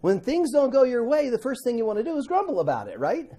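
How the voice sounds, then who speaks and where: A man teaching a Bible class to students, animated, acting out quotes and asking the class questions. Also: extremely high pitch, fast talker.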